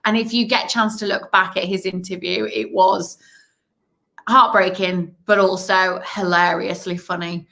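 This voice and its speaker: A woman's voice: medium pitch, flat delivery, normal speed, gravelly, sharp tone. A woman co-hosting a casual livestream, rambling and enthusiastic with many "you know"s. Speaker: co-host of online festival livestream. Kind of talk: casual chat.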